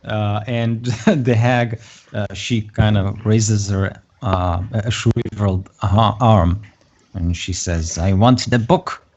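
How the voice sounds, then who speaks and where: A man's voice: fairly low pitch, fairly even intonation, slow pace, darkish tone. A man narrating as game master of a tabletop game, hesitant with many fillers and frequent laughs. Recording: dull lo-fi audio.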